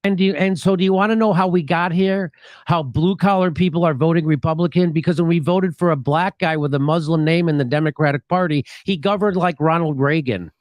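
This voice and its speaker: A man's voice: a little high, brisk, no echo. A man co-hosting a political talk show, blunt and profane. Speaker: co-host.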